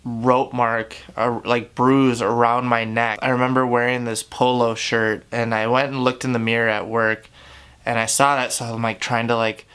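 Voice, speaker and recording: A young man telling his own story to the camera, candid and halting, with lots of fillers and swearing. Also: medium pitch, level tone, fairly bright tone, smooth. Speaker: YouTuber. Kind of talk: confessional storytelling.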